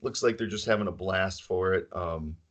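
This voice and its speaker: Podcast co-host, man with a lowish voice, loose and opinionated, quick to laugh. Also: a bit bright. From central New York. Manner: laughs often, rambling and opinionated. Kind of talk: casual chat.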